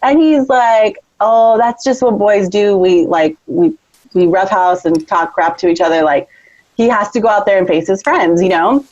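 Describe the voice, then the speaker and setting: A woman in her thirties chats on a podcast, acting out the voices in her story with sudden high jumps. Her voice sits in a middle register. The recording is dry and a little muffled. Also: normal speed, no echo. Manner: animated storytelling, acts out quotes with big pitch jumps. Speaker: podcast co-host. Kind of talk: casual chat.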